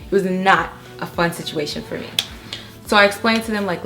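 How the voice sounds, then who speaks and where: A young woman in her living room, telling a story in a chatty, animated way and often checking in with "okay?". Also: medium pitch, brisk, music in the background. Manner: chatty, animated retelling with frequent "okay?" asides. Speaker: vlogger. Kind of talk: storytime vlog. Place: home living room, on a couch.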